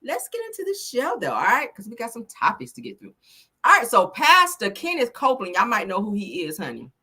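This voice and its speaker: A woman's voice: on the high side, wildly swooping pitch, brisk, bright, forceful tone, breathy edge. A woman hosting a casual live stream, a little tipsy, chatting and swearing freely and calling her viewers honey and child. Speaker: host of a live gossip stream.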